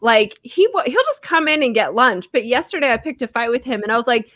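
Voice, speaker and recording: A woman's voice: on the high side, expressive, a little fast, a bit bright, dry recording, studio quality. A young woman telling stories in a casual comedy podcast chat, filling her talk with "like". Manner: chatty, storytelling with lots of "like". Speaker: comedian guest.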